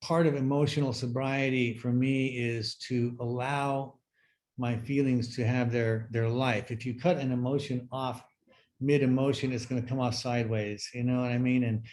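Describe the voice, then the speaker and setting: A man's voice: mid-range voice, little pitch movement, darkish tone, slight background noise. Reflective man sharing his recovery story. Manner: halting, reflective, many fillers and restarts. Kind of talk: personal sharing talk.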